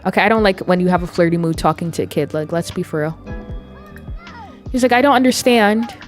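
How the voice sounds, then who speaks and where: A woman's voice: fairly low pitch, fast, faint music behind. A woman giving casual, amused commentary on her life-sim game, narrating what her characters do. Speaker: gameplay video creator.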